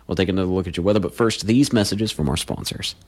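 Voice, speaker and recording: A man's voice: deep voice, fast talker, breathy edge. A man, a morning radio DJ chatting through community announcements in a folksy way. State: has the hiccups.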